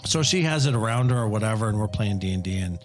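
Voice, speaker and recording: A middle-aged father on a family podcast tells rambling, animated stories in a casual, profane way, swearing plenty. His voice sits on the low side and he talks fast, with faint music behind him.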